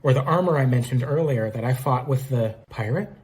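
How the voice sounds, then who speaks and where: A man's voice: mid-range voice, a little fast, darkish tone, close to an everyday voice. A man voicing an adult female police agent in a plain, wry way.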